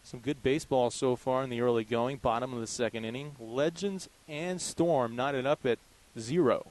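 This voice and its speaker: A young male play-by-play announcer calling a college baseball game. He describes each pitch in an even, steady way. His voice sits at a middle pitch for a man. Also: normal speed, poor audio. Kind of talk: live baseball play-by-play commentary.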